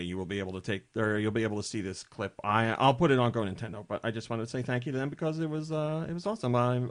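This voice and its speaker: A man hosting a podcast in casual chat, chatty and jokey with rambling asides. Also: mid-range voice. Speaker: podcast host.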